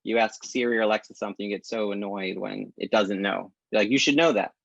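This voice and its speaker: A man speaking as a guest in a casual podcast conversation, telling stories lively and acting out quoted dialogue. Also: fairly low pitch, quick pace, creaky, no room sound. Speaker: guest, tech company founder. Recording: dull lo-fi dry sound.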